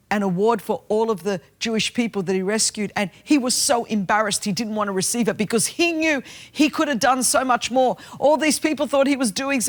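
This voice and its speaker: A middle-aged woman preaching, telling a story earnestly and building to passionate emphasis. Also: fairly high pitch. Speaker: speaker and activist. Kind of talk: sermon storytelling.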